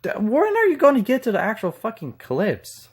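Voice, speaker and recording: A man's voice: high voice, wildly swooping pitch, normal speed, husky. A man from Texas giving mocking, sarcastic reaction commentary with frequent profanity. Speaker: commentary channel host.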